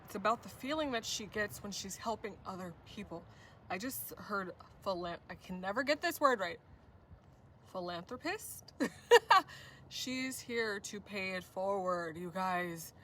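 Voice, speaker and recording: A woman's voice: medium pitch, bright, forceful tone, recorded from a distance, a little hiss or hum. A woman giving a spiritual tarot reading, gushing and effusive, often addressing viewers as "you guys". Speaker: tarot reader.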